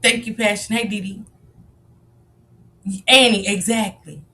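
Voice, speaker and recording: A woman's voice: mid-range voice, fairly even intonation, measured pace, sharp tone, slight background noise. A woman hosting a live stream in casual chat, speaking candidly and confessionally, swearing freely as she greets and answers her viewers. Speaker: livestream host.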